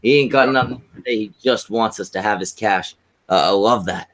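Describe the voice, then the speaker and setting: A man's voice: on the low side, brisk. A man co-hosting a livestream, joking energetically and swearing. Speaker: stream co-host. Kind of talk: casual chat.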